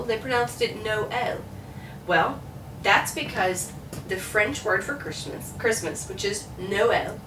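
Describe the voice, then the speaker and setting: A woman teaching a French lesson in a classroom, chatty and loose, repeating words slowly to model pronunciation. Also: on the high side, a bit bright, a little hiss or hum. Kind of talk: classroom lecture. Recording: echoey room from a distance.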